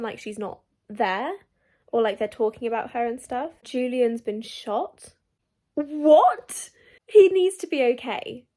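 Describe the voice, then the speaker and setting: A young woman, gushing excitedly and emotionally about the book she's reading in a casual vlog, recorded outdoors. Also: fairly high pitch. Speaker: book vlogger. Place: outdoors at sunset.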